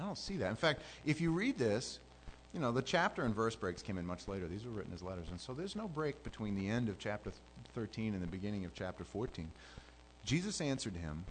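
A low-voiced man preaching a sermon, storytelling with big swings between fervent loud stretches and quiet asides. A faint hum sits under the recording. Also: big pitch swings, brisk, poor audio. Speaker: pastor.

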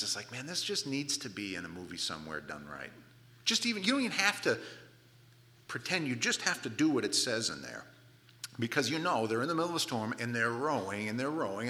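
A man preaching a sermon, retelling a scripture story with lively asides and acted-out moments. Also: medium pitch, big-room sound. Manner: animated storytelling, acts out the scene, casual asides. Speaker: pastor.

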